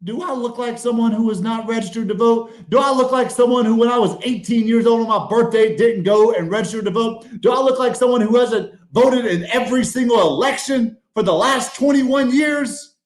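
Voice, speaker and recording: A man doing a comedic rant about things that annoy him, exasperated and mocking, sometimes bursting into shouts. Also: extremely high pitch, brisk, few pauses, roomy sound. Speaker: podcast segment regular.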